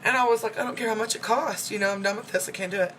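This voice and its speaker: A woman's voice: mid-range voice, very fast, a bit bright, slight background noise. A young woman telling an emotional, rambling story in a casual vlog check-in, full of fillers. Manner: emotional and upset. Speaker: vlogger. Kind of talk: casual personal check-in video.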